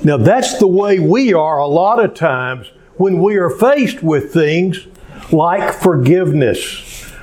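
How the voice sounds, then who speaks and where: A male pastor preaching a sermon, telling stories in an unhurried way with many pauses. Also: on the high side, lively intonation, background noise.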